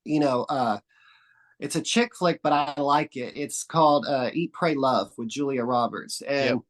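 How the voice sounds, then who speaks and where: A man's voice: medium pitch, unhurried. A man from Texas, a podcast guest in a casual conversation who tells meandering stories with frequent restarts and casual swearing. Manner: rambling storyteller, restarts and trails off often.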